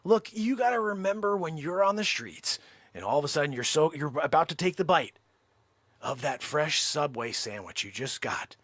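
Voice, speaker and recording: A man hosting a comic monologue, telling a story in an animated, exaggerated way. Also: fairly high pitch, moderate pace, no echo. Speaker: host.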